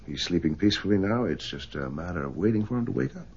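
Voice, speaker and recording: An actor playing a doctor, speaking calmly and steadily to worried parents. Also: male voice, low-pitched, gravelly, slight background noise. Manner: calm, measured, reassuring. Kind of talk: film drama acting. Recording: dull muffled film audio.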